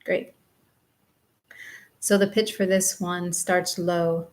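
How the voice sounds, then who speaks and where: A woman teaching a chant in a step-by-step pronunciation lesson, drawing out syllables slowly and patiently for students to repeat. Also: on the low side, little pitch movement.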